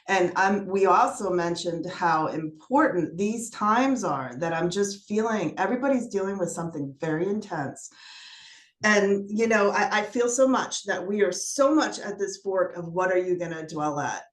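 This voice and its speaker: Chatty woman host in an echoey room. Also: lowish voice. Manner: chatty and heartfelt, with many "you know" fillers. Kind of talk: casual chat.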